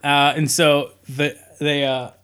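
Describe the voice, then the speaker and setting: A man's voice: fairly high pitch, level tone, slow pace, fairly bright tone, a little hiss or hum. A man hosting a podcast, casually recapping a cartoon episode, laughing often and asking the others questions. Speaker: podcast host. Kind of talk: casual chat.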